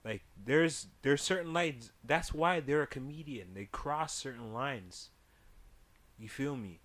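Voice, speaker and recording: A man's voice: mid-range voice, animated, measured pace, fairly bright tone. A man co-hosting a podcast in casual chat, heated and rambling, restarting his sentences. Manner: heated, rambling, frequent restarts and "you feel me". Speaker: podcast co-host.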